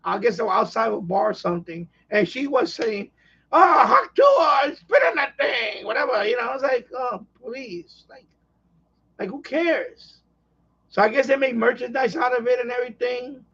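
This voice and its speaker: A man's voice: very high-pitched, fairly quick, gravelly, a bit bright, husky. A man hosting a casual live stream chat, rambling and exasperated as he rants. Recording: dull lo-fi live stream audio.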